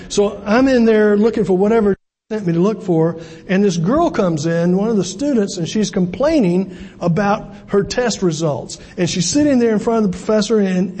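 High-voiced man preaching in a reverberant church. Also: a little mellow. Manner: conversational preaching with asides and repeated words. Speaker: pastor. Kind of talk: sermon. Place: church sanctuary. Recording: long hall reverb.

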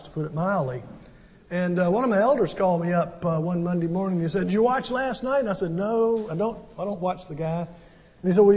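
A man's voice: sits high, dark tone. Older male pastor preaching in reverberant church. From southern United States. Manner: storytelling preacher with conversational asides. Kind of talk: sermon. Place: church sanctuary.

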